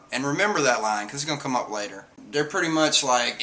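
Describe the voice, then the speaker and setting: A man giving a casual spoken manga review, excitable and jumping into high voices for the characters. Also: fairly quick, few pauses.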